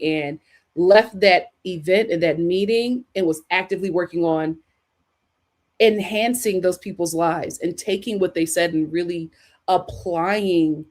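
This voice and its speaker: A woman hosts a livestream chat. She talks with sass and emphasis and often repeats her punchlines for effect. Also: mid-range voice. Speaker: host.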